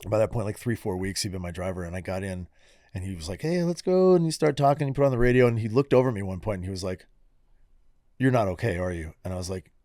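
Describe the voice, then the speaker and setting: Low-voiced man telling candid stories. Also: very fast, warm tone, dry recording, clean studio sound. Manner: candid storytelling, frequent swearing. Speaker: podcast co-host. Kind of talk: casual chat.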